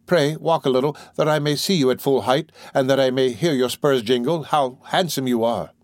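Guy reading as a lovestruck young gypsy girl, soft and girlish, higher than his own voice. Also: moderate pace, no echo, studio quality, lightly acted. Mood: adoring.

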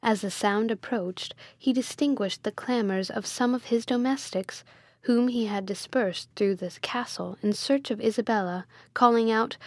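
A woman reading a classic novel aloud as an audiobook narrator, with measured, expressive storytelling on a close mic. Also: mid-range voice, dry recording.

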